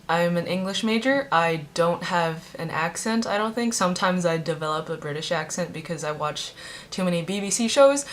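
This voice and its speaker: A woman's voice: lowish voice, fairly bright tone, a little hiss or hum. Chatty young woman telling stories. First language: Chinese. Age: young adult. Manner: chatty and rambling, heavy use of "like". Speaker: vlogger. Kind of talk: casual storytelling vlog.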